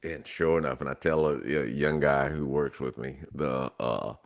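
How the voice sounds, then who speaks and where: A man co-hosting a casual podcast, telling anecdotes in an animated way. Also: extremely low pitch, normal speed. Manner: storytelling, animated retelling of anecdotes. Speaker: co-host.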